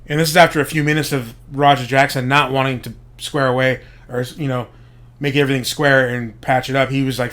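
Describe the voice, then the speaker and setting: A man's voice: mid-range voice, fairly even intonation, a little fast, a bit bright. A man giving a casual, profane commentary monologue as a show host, speculating and explaining wrestling slang. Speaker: podcast host.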